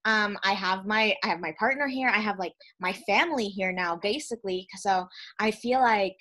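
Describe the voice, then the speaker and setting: A woman's voice: mid-range voice, normal speed, pushed and bright. A young woman co-hosting a podcast, chatting casually, laughing often and acting out quotes. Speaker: podcast co-host. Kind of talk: casual chat.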